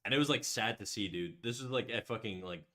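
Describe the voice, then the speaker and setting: While drawing on a casual livestream, this man speaks briskly in a fairly low, bright, forceful voice. He rambles and restarts, leans on "like," swears freely, and reads out chat messages to answer them.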